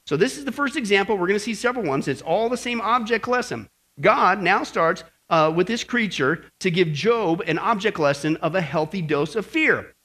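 A man preaching a sermon in a high voice that swoops up and down with energy. He keeps checking in with the listeners, tossing in quick questions to hold their attention. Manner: lively, keeps checking in with "okay?" and "right?".

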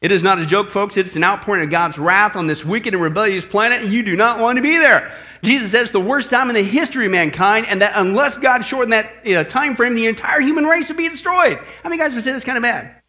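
Lively pastor, high bright voice, preaching with jokes. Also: male voice, fast talker. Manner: joking, energetic, talks to the congregation. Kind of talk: sermon.

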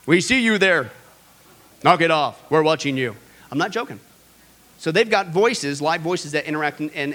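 A man preaching a sermon, excitable and direct, with many fillers and asides to his listeners. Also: sits high. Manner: excitable, talks straight to the audience with many fillers. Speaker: pastor.

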